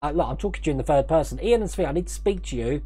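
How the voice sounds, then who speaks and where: A man's voice: on the high side, animated, racing, dark tone, breathy edge. A British man hosting a casual livestream, rambling, chuckling often and thanking viewers by name. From United Kingdom. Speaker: livestream host.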